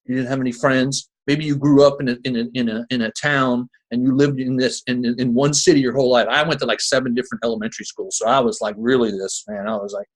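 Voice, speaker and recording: A man's voice: medium pitch, fast, few pauses. A man from New Jersey with a Jersey accent, hosting a call in a folksy, rambling way full of restarts and asides. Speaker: host of a crypto marketing call. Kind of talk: casual rambling pitch.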